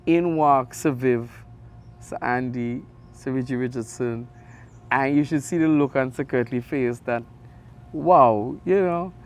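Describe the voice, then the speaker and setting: A middle-aged man with an Antiguan accent, a radio sports host telling stories in an interview, animated with big jumps in his voice. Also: medium pitch, unhurried. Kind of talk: conversational interview storytelling.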